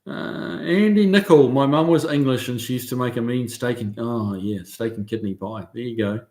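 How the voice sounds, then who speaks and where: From his car shop, a middle-aged man with a New Zealand accent hosts a laid-back live stream, chatting through viewer comments with lots of ums and uhs. His voice is mid-range and his speed normal.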